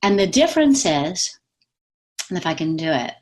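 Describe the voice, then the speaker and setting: A woman speaking coach giving casual, lively advice from home over a video call, laughing easily. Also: on the low side, moderate pace, long pauses. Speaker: communication coach. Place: home with pets.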